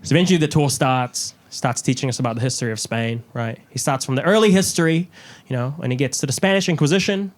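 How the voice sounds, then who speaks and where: A young man performing a stand-up comedy set in a large theatre, telling stories in an animated way and acting out the people in them. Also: fast, hardly any pauses, slight background noise. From New Zealand. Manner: animated storytelling, acts out characters with rising pitch. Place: large theatre with live audience.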